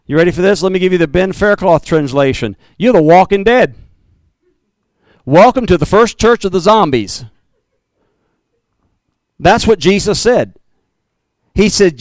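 Male pastor, fiery pulpit preaching, higher-pitched voice, dry close recording. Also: expressive, a little slow, long pauses, no room sound. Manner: fiery, swings from loud to low. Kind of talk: Pentecostal sermon.

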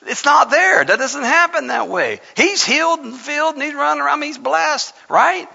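A man's voice: extremely high pitch, a little fast, vocal fry, hardly any pauses, bright, forceful tone. A man preaching a sermon conversationally, reading scripture with dramatic emphasis. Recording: lo-fi sound in a reverberant hall.

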